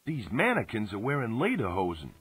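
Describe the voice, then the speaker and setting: An actor voicing a wisecracking male adventure game hero, with a husky voice and dry, sardonic quips. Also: on the low side, huge pitch swings, fairly quick, a bit bright, dry recording, full character voice.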